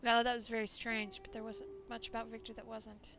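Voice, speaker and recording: A woman's voice: on the high side, monotone, fast, gravelly. A woman voicing a stern grieving widow who speaks formally and dismisses superstition. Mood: mournful. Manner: formal, prim.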